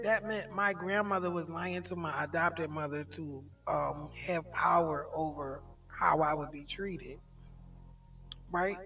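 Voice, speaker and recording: Animated woman hosting a livestream chat. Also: lowish voice, breathy edge, distant mic. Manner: animated storytelling, laughs often. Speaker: livestream host.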